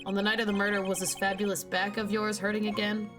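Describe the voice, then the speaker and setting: A woman voicing a formal, stern male prosecutor in a measured tone. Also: medium pitch, flat delivery, close to an everyday voice. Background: game music.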